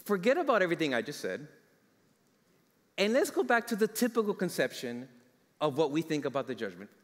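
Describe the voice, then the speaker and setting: Male preacher, slightly high voice, storytelling sermon that draws in the congregation, long church reverb. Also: very animated, brisk. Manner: storytelling, asks the congregation questions. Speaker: guest preacher. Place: church sanctuary.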